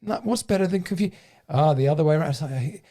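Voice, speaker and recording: A man's voice: a little high, expressive, fast talker, mellow. A man hosting a podcast in a studio, chatting casually and thinking aloud in loose, rambling sentences. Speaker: podcast host. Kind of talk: casual chat.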